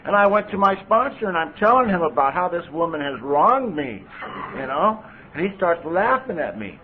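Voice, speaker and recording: A man's voice: high-pitched, big pitch swings, moderate pace. Middle-aged guy sharing his recovery story, tinny lo-fi tape, faint hiss. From California. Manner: candid, conversational, frequent "you know". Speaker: AA speaker. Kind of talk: recovery testimony. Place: convention hall podium.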